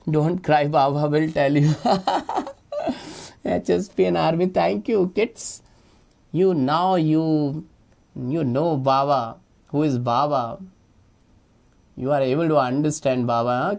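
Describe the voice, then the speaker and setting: Animated chemistry teacher. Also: male voice, fairly high pitch. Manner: animated, teasing, repeats phrases. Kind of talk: playful exam-prep lecture. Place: online class recording.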